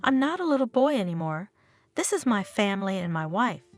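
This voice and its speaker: Short-tempered grown son and husband, resentful, voiced by a woman storyteller, animated. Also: medium pitch, brisk, faint music behind, close to an everyday voice. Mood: angry. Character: irritable married man, grown son.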